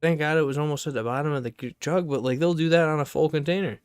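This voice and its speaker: A young man streaming games, ranting casually and profanely in a rambling, animated way. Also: fairly high pitch, fast talker, clear, resonant tone, no room sound, studio quality. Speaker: gaming streamer.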